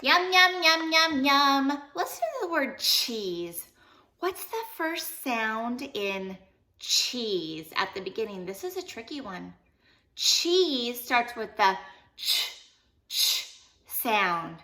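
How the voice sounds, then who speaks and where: A young woman with a high, bright voice leads a children's phonics lesson. She talks slowly and playfully, breaking into short sung lines as she sounds out letters. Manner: playful, animated, sings short song lines. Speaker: teacher.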